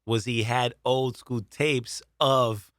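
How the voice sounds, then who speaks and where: A man's voice: mid-range voice, steady tone, slow pace, fairly bright tone, no echo, studio quality. A man co-hosting a comedy podcast, telling rambling stories with lots of laughter and swearing. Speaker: podcast co-host. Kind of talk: casual comedy podcast chat.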